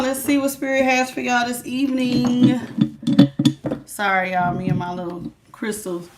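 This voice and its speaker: A woman doing a casual live tarot reading, chatty and lively, calling her viewers baby and honey. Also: a little high, moderate pace, very noisy. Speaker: tarot reader.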